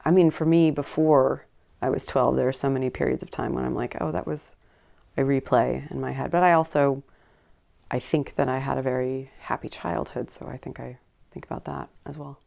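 A woman's voice: extremely low pitch, steady tone, normal speed, gravelly, darkish tone. A woman co-hosting a podcast, talking casually and chatting with frequent agreeing murmurs. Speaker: podcast co-host. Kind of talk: casual conversation.

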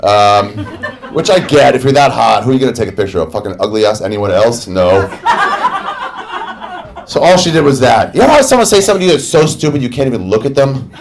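A man's voice: medium pitch, very animated, brisk, a crowd in the background. Young male comic, crude and sarcastic storyteller, mid-range voice. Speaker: stand-up comedian. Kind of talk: stand-up storytelling.

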